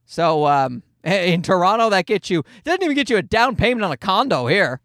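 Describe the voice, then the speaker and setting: Lively high-voiced man telling comic stories. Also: moderate pace, no echo, clean studio sound. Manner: animated storyteller, swears freely, acts out voices. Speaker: podcast host. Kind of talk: comedic solo podcast monologue. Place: Toronto.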